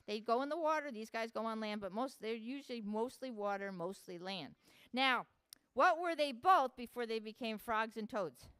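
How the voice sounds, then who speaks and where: A woman's voice: on the high side, normal speed, fairly bright tone, clean tone, clean studio sound. A woman animal educator leading a playful live show for children, asking the kids lots of questions as she presents animals in a public hall.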